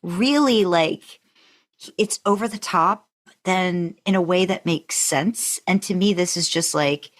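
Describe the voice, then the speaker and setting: A woman's voice: lowish voice, a little slow. A woman co-hosting a podcast in casual chat, hesitant and full of fillers. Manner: hesitant, filler-heavy, laughing. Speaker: podcast co-host.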